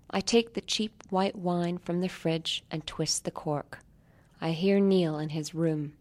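Woman author, low voice, measured literary reading with soft hushed moments. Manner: measured, softly dropping to near-whispers. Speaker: author reading her own story.

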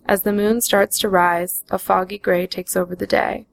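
A woman reading her own memoir aloud in the first person, slow and even. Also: mid-range voice, gravelly, poor audio.

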